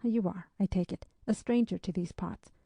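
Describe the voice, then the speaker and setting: A woman reading the part of a courteous, gentlemanly English army captain, soothing and a little masterful, in a dry, mellow voice. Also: medium pitch, moderate pace, creaky, slightly rough, no echo.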